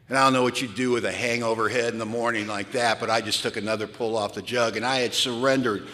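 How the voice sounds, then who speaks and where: A man's voice: medium pitch, fairly even intonation, fast, few pauses, pushed and bright. A man speaks candidly to a live crowd, mocking himself and telling his story with drama. His voice sits in the middle of the usual range. A long hall reverb trails behind every line. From United States. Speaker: recovery speaker. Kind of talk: storytelling talk to a live audience. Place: large hall.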